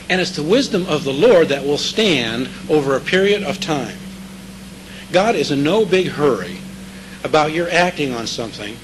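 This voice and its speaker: A man preaching in a relaxed, conversational way, pitched a little above the usual male range. He keeps checking in with his listeners and circles back to the scripture lines he stresses. A faint hiss sits under the voice. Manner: repeats key scripture phrases for emphasis. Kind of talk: sermon.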